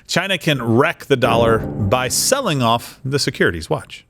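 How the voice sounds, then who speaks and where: Male co-host, mid-pitched voice, lively chat-show commentary with restarts. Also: normal speed, music in the background. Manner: animated, mock voices, frequent restarts. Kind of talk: casual political commentary.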